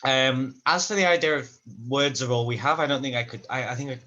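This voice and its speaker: A man's voice: mid-range voice, steady tone, brisk, sharp tone, muffled recording. A man in a language-practice conversation, speaking thoughtfully and rambling, often restarting his sentences, over a video call. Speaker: language student in a conversation class. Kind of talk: casual spoken-practice conversation.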